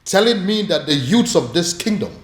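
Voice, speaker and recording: A man's voice: high-pitched, sing-song, moderate pace, echoey room. An actor playing a stern king who speaks with authority to his son and his adviser. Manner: authoritative, commanding. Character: stern king, father of a princess.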